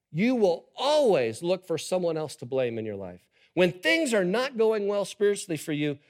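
A pastor preaching a sermon to a live congregation, animated and quizzing the audience. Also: male voice, on the high side. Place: church service with a live audience.

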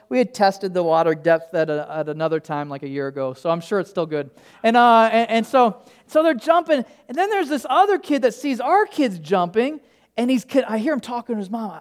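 A man's voice: high-pitched, fairly quick. Casual, humorous male pastor preaching. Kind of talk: sermon with personal storytelling.

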